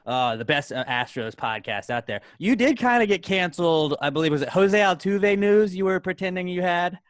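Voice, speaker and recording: A man's voice: high-pitched, expressive, normal speed, clean tone, no echo. Give me a laid-back man hosting a podcast, teasing and loose, recorded dry. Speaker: podcast host. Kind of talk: casual chat.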